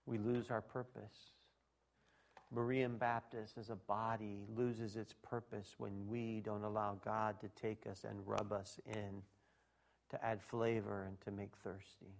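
A man preaching a sermon to his congregation in an animated, folksy way, with speech and shouted exclamations. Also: on the low side, measured pace, gravelly. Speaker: pastor.

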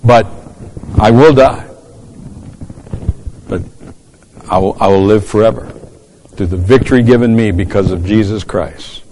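A man's voice: fairly low pitch, a little slow, long pauses, a little mellow, a little hiss or hum. A man preaching a fervent sermon, repeating words as he goes and quoting scripture in old-fashioned English. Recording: long hall reverb.

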